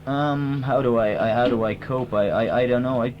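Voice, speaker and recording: A man with a put-on American accent, talking as a tribute band singer in a comic radio interview. He rambles deadpan, full of hesitant fillers. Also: medium pitch, normal speed. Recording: dull lo-fi old radio tape with hum.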